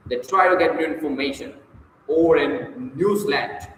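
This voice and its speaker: A man's voice: a little high, normal speed, a bit bright, a little hiss or hum. A man reading a public speaking textbook aloud, with occasional stumbles and self-corrections. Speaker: audiobook reader. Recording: echoey hall with long reverb.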